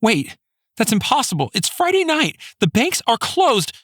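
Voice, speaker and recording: A frantic young mother, urgent and pleading, voiced by a male audiobook narrator. The pitch climbs high above his own voice, and the read is dry and close. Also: normal speed, no echo, close to an everyday voice. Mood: panicked. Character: frantic young mother whose daughter is kidnapped.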